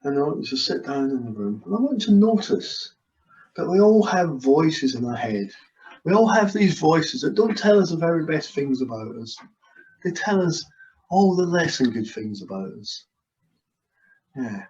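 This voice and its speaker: Brief: male hypnotist, slightly high voice, soothing repetitive delivery, lo-fi call audio. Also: big pitch swings, moderate pace, a little mellow. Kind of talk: guided hypnosis session. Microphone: video call. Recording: dull lo-fi video call audio.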